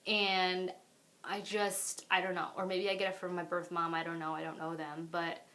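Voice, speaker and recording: A young mother vlogs from home, speaking straight into the camera in a low, pushed, bright voice with little pitch movement and a moderate pace. Her talk is candid and unscripted, wandering loosely from one personal thought to the next, packed with "like" and "I don't know."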